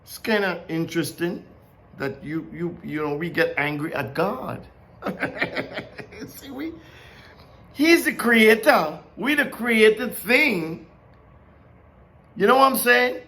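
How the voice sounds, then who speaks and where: A man preaches informally, in a high, bright voice. His pitch swings widely as he speaks, and he keeps a slow pace. He asks his listeners question after question. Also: lively intonation, slight background noise. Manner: conversational, asks many questions, laughs often. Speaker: Bible teacher. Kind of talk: informal sermon.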